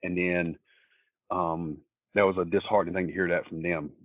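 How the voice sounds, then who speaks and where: A very deep-voiced man sits in as an interview guest and tells long, plain-spoken anecdotes. His voice comes through thin and tinny, as if on a phone line, with no room sound around it. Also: level tone, normal speed, dry recording. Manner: rambling, plain-spoken storyteller. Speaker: wrestler guest. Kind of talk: casual anecdotal storytelling.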